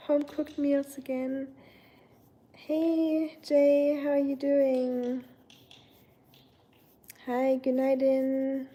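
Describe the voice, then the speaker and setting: A young woman hosting a relaxed live stream from her home. Her voice sits a little high but stays flat and mellow. She talks in a loose, rambling way, full of fillers and quick self-corrections. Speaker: livestream host. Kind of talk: casual live-stream chat.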